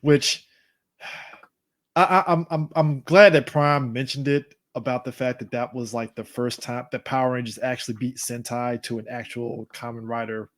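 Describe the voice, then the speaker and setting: A man's voice: medium pitch, steady tone, moderate pace. A man co-hosting a casual fan podcast, laid-back, laughing and swearing as he quotes characters. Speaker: podcast co-host.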